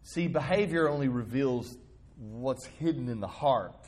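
A man's voice: mid-range voice, expressive, a little slow, darkish tone. A male pastor giving a sermon in a conversational, storytelling manner, asking the congregation rhetorical questions.

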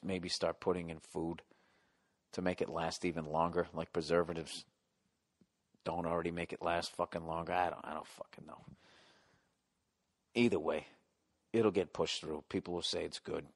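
A middle-aged man with a Boston accent hosting his own podcast. He rants in a profane, comic style and yells at times. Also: deep voice, creaky. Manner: profane, ranting, yelling at times. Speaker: podcast host. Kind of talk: solo comedic podcast rant.

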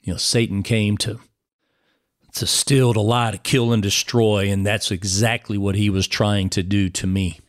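A man's voice: lowish voice, little pitch movement, normal speed, dry recording, studio quality. A man giving an earnest personal testimony sermon, speaking straight to the listener and calling him brother.

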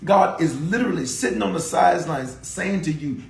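Man preaching, fervent, call-and-response, slightly high voice, roomy echo. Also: animated, normal speed, creaky, hardly any pauses. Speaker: pastor. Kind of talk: livestreamed sermon.

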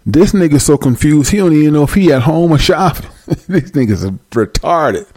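A man hosting a talk show, ranting in a loud, profane, mocking comedic style. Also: on the high side, lively intonation, normal speed, no room sound. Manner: loud, profane, mocking, uses preacher-like call-outs. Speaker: show host.

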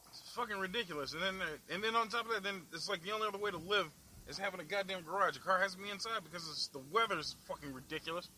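A young vlog host drives through the city, ranting angrily and profanely in a car while laughing at himself now and then. His very fast voice is high-pitched, bright, and forceful, with slight background noise and poor audio.

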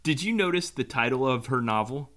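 A man's voice: medium pitch, expressive, brisk, a bit bright. A man co-hosting a casual movie discussion, thoughtfully summing up the plot. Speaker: podcast co-host.

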